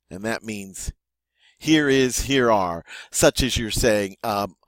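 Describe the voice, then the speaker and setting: A man's voice: fairly low pitch, slow pace, no room sound, studio quality. A man teaching a vocabulary lesson, saying each word twice and then giving its meaning. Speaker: French teacher.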